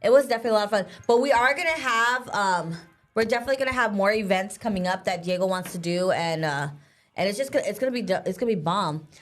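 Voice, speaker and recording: A young woman co-hosting a casual live show, chatty and animated, full of "like" and quick laughs. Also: medium pitch, soft background music. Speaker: co-host.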